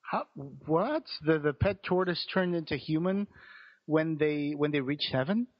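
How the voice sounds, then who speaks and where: A man's voice: fairly high pitch, animated, measured pace. Musing man on dull lo-fi audio. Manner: muses aloud, hesitant, trailing sentences. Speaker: podcast co-host. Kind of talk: casual chat about books.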